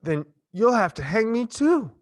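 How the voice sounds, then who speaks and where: A man's voice: high voice, big pitch swings, a little slow, no room sound, clean studio sound, pitched above the performer's own voice. A man voicing a young woman schoolteacher, pleading urgently and out of breath, in an audiobook reading. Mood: defiant. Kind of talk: audiobook character voice.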